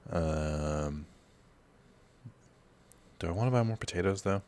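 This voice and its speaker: A man's voice: deep voice, slow, darkish tone. A man giving casual gameplay commentary, rambling through a personal story with lots of fillers. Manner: rambling, filler-heavy, storytelling while playing. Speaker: let's play host.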